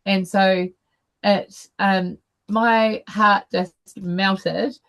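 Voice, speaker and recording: A middle-aged woman tells a personal story to an online meeting over a video call, unhurried and full of fillers and restarts. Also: medium pitch, fairly even intonation. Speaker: guest speaker.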